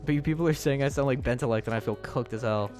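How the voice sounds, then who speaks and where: A fast-talking man with a darkish tone chats casually on a live stream, soft music in the background. He rambles and giggles with his viewers, bursting into high shrieks of laughter.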